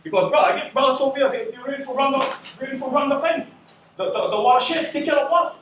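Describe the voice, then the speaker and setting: A man's voice: very high-pitched, fast talker, a bit bright, slight background noise. A man with a Hawaiian Pidgin accent giving impassioned, emphatic testimony at a community meeting, repeating himself and calling listeners "bro". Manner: emphatic, repetitive, swearing, addressing officials as "bro". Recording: echoey hall from far off.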